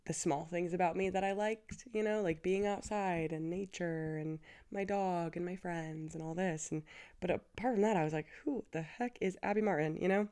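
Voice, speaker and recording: The speaker is a twenty-something woman hosting her show and recounting a personal story with candor and emotion, sprinkling in plenty of "like"s and "you know"s. Her lowish voice is smooth and warm, with fairly even intonation at a normal speed.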